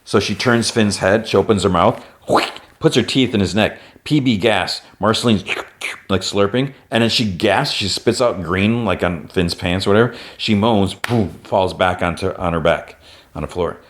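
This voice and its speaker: Low-voiced man recapping an episode. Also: normal speed. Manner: retells plot with constant "like" fillers; briefly raises his pitch for quoted character lines. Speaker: podcast host.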